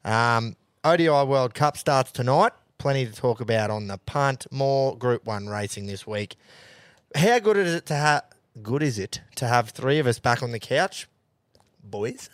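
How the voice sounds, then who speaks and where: A relaxed man in casual podcast chat, easygoing as he leads the conversation. His voice sits at a middle pitch, dry and close to the mic. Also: a little slow, dry recording. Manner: laid-back, steers the show along. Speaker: podcast co-host. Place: studio.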